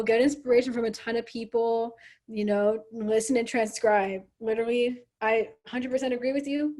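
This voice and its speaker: A woman's voice: fairly high pitch, a little mellow. A young woman hosting a casual chat over a video call, upbeat and chatty, leaning on "like" and "you know". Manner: chatty and upbeat, heavy use of "like".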